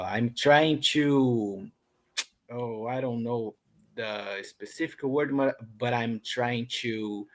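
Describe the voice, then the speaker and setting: Slow, hesitant Brazilian man learning English. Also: mid-range voice. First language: Portuguese. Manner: hesitant, many fillers and restarts. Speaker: English student. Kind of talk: online English lesson conversation. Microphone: computer headset or laptop mic on a video call.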